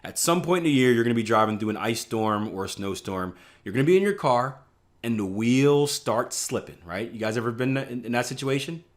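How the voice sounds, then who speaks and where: A man from the Northeast US teaches a live online trading class conversationally, in a mid-range, animated voice that runs a little fast. He frequently checks in with "right?" and acts out panicked traders.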